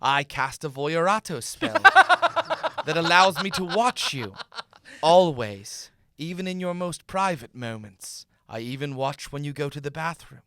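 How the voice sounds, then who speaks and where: A man's voice: on the high side, big pitch swings, measured pace, bright, forceful tone, dry recording, studio quality, full character voice. Man playing a creepy smug wizard mentor. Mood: sinister.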